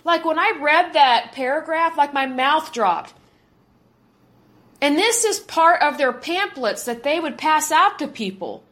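A woman in her late thirties with a high voice delivers her commentary with fired-up conviction. She hammers her points home by repeating key words, her tone indignant and insistent throughout. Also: lively intonation, unhurried, fairly bright tone. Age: 30s. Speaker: podcast host. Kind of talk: opinionated commentary.

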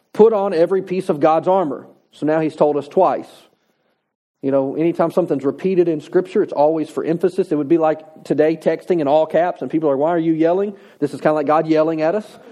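A man's voice: a little high, mellow. A man preaching a sermon in an emphatic, conversational way, repeating key lines for stress. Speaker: pastor.

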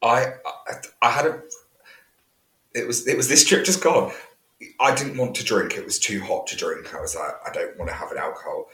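A man's voice: mid-range voice, very animated, normal speed, fairly bright tone, roomy sound. A man, a podcast guest, chatting animatedly and telling stories with self-mocking humour. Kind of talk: casual chat.

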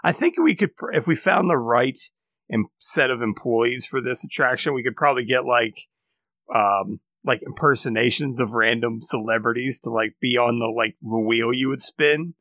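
A man's voice: mid-range voice, moderate pace, bright, forceful tone, no room sound. A man co-hosting a casual comedy podcast, rambling with many fillers and restarts. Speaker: podcast co-host.

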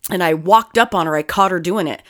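A young woman chatting casually as a podcast co-host, telling stories in a profane, animated way. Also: fairly low pitch, fast. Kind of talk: casual chat.

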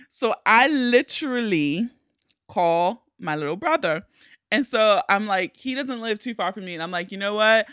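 A young woman tells a story on her podcast with a lively voice that swings widely in pitch. Her tone is bright and sharp, and she curses casually and jumps into high shrieks when she acts out panic. The sound is dry and close, with no room around it. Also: dry recording. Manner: animated, profane, shrieks when acting out panic. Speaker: podcast host.

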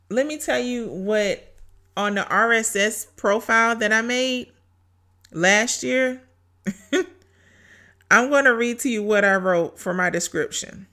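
Bright-voiced woman preaching casually. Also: mid-range voice. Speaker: podcast host. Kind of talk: faith-based solo podcast talk. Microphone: home podcast mic.

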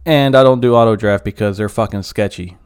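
A man's voice: fairly low pitch, brisk, a little mellow, clean tone. A man hosting a casual solo podcast, rambling and swearing freely with lots of fillers. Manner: profane, rambling, frequent fillers. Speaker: podcast host.

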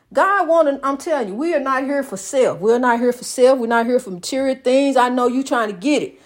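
A woman preaches a personal testimony. She talks in rhythmic repetitions and calls the listener honey. She climbs into loud, fervent exhortation. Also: sits high, animated, brisk.

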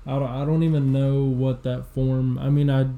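A man in his twenties co-hosting a podcast, telling a long story in casual, profane chat with plenty of fillers, at low energy. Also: little pitch movement, normal speed, phone-quality sound. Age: 20s. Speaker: podcast co-host.

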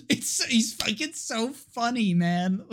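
A man's voice: extremely high pitch, expressive, takes it slowly, fairly bright tone. A man co-hosting a podcast, chatting casually about a movie, laughing often and talking with lots of filler words. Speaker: podcast co-host.

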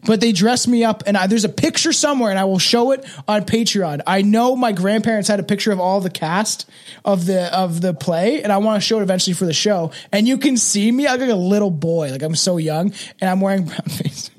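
A man's voice: high-pitched, fairly quick. A man in his thirties from Canada, hosting a podcast as casual chat, rambling through stories with lots of fillers and laughs. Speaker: podcast host.

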